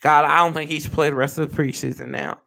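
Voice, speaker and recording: Man, sports fan show host, fired-up rant, profane, high gravelly voice. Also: level tone, fast, sharp tone. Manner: addresses viewers as y'all. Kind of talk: live-stream rant.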